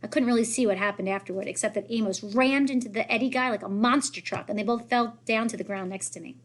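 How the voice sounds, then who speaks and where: A woman's voice: fairly high pitch, quick pace. Woman reading a novel aloud. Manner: lively, raises voice for characters' lines. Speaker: reader.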